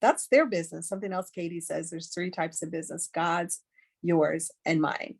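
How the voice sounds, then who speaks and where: Earnest middle-aged woman, lowish voice. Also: fairly even intonation, normal speed, creaky, husky. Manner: earnest, candid, chatty with many fillers. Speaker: webinar speaker. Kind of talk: casual teaching talk. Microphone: video call.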